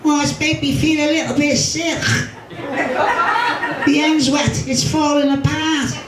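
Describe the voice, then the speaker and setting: A man's voice: extremely high pitch, level tone, measured pace, very noisy. A man playing a cheeky young lad from Liverpool who banters and grumbles about sharing a cigarette. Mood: queasy. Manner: bantering, squeamish and indignant. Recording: echoey room from far off with a crowd.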